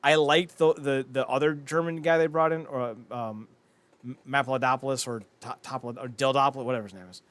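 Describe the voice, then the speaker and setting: A man co-hosting a casual talk show, animated and swearing, acting out scenes as he recaps them. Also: medium pitch, fairly quick. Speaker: podcast co-host.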